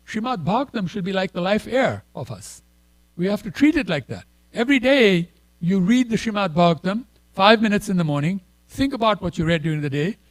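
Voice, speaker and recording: Male temple speaker, sermon, fairly high voice, dry close sound, chatty and anecdotal. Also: no echo, rough recording. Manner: storytelling with chuckles and asides; conversational, many fillers and "right?".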